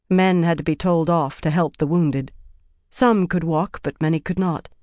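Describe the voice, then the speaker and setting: A narrator reading a fantasy novel in a measured, steady audiobook style. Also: medium pitch, no room sound, clean studio sound.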